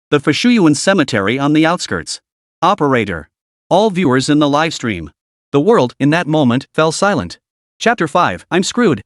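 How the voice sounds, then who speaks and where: Expressive male story narrator. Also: fairly high pitch, no room sound, clean studio sound. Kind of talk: scripted narration.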